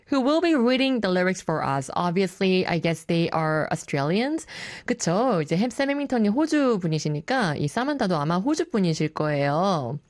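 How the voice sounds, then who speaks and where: A woman's voice: mid-range voice, no echo. A woman hosting a bilingual radio show in a studio, with a playful, giggly way of talking. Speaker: radio host.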